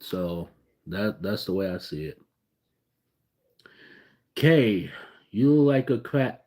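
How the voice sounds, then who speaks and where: A man in an unscripted reaction rant, his voice sitting at an ordinary middle pitch. He cusses freely and swings between loud, fired-up outbursts and low, grumbling asides. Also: very animated, slow. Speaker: sports fan vlogger.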